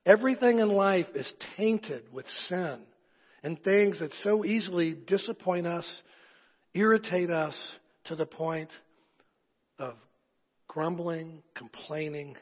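A man preaches earnestly, mixing folksy asides with rhetorical questions. His voice is a touch husky and sits fairly high for a man. The sermon rings through a long echoey hall on a dull, lo-fi recording. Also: slow. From East Tennessee. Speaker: pastor.

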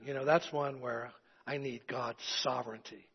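Give me an earnest preacher in an echoey hall. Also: male voice, medium pitch, steady tone, moderate pace, vocal fry, husky. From East Tennessee. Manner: earnest preaching with folksy asides and rhetorical questions. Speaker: pastor. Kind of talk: sermon. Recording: echoey hall, dull lo-fi sound.

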